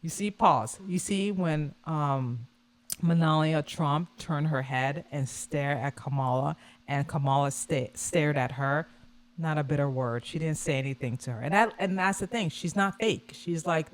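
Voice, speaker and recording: A woman vlogger giving casual reaction commentary on a video, animated and scornful, repeating her points. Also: low-pitched, unhurried.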